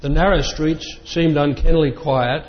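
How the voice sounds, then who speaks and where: A man's voice: fairly high pitch, fairly even intonation. Man reading a memoir aloud in a reverberant hall. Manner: measured reading voice, breaks off for plain remarks. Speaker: reader. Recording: dull lo-fi sound with long reverb.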